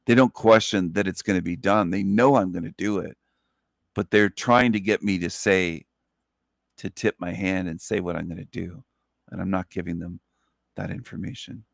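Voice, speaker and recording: Sleepy man hosting a solo spiritual talk, low gravelly voice, dry close sound, slow earnest delivery. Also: fairly even intonation, no echo. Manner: slow, earnest, repetitive phrasing. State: sleepy, up all night. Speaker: channel host.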